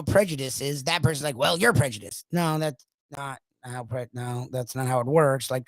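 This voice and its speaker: A hoarse man hosting a sports talk show alone, ranting emphatically in a loud, opinionated monologue. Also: a little high, no echo, rough recording. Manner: opinionated, swings between loud bursts and quiet asides. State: hoarse from coaching. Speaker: sports radio host.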